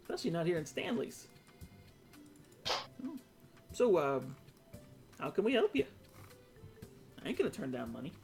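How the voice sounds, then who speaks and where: A man's voice: very animated, moderate pace, creaky, long pauses, a little mellow, soft background music. A man voicing a cocky male gnome trader who talks in slangy street speech. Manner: slangy, drawling "yous", pitched up.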